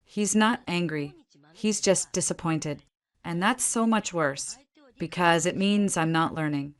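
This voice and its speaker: A woman's voice: lowish voice, measured pace, natural voice. A woman voicing an anxious, self-doubting young wife in a story reading, speaking in a tense, pleading, self-reproaching way. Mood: distressed.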